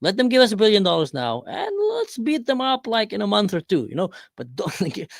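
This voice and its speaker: A man's voice: high voice, huge pitch swings, fairly quick, creaky, dry recording, voice pushed up, exaggerated voice. A man putting on a coaxing, haggling superpower who pleads and bargains in a raised voice. He repeats himself as he wheedles. The recording is close and dry.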